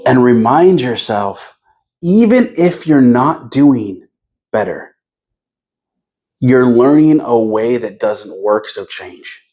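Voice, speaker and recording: A man's voice: medium pitch, animated, slow, warm tone. A man vlogging in his office, talking through his own frustrations in a reflective, encouraging way as he thinks aloud. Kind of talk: candid self-talk to camera.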